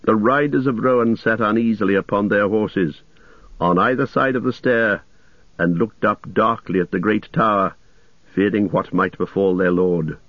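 A male narrator reads a fantasy story in a measured, even manner. His voice is low and dry, and the recording sounds dull and lo-fi. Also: dry recording. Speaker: audiobook narrator. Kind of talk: scripted narration.

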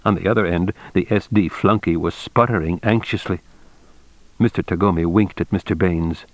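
A man narrating an audiobook in a steady, measured reading. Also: deep voice, dry recording.

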